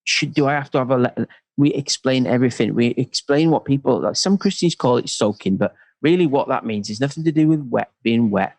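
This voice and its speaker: Brief: male guest, gravelly texture, dry close sound, animated storyteller. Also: medium pitch, a little fast, dry recording. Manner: animated storyteller, acts out quotes. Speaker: worship leader and church pastor, guest. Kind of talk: conversational interview.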